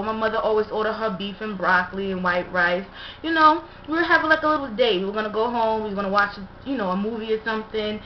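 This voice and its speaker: A young woman casually telling a story to her viewers, chatty and full of fillers. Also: fairly high pitch. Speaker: vlogger. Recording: dull echoey room recording with faint hiss.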